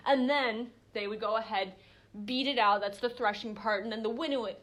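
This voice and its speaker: A woman's voice: on the high side, fairly quick, a bit bright. A young woman teaching a small group Bible study in a conversational way, with lots of fillers and restarts. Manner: conversational, acts out quoted voices, many fillers and restarts.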